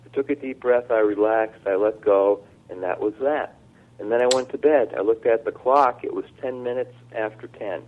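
Radio guest, male, slow halting storyteller on a tinny phone line. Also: fairly low pitch, slight background noise. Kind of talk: telling a personal story on a radio show.

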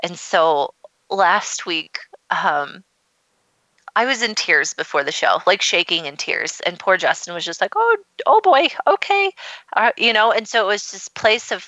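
A woman co-hosting a radio talk show, telling stories in a chatty, animated way with lots of fillers. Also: lowish voice, no room sound, rough recording. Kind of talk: casual conversation.

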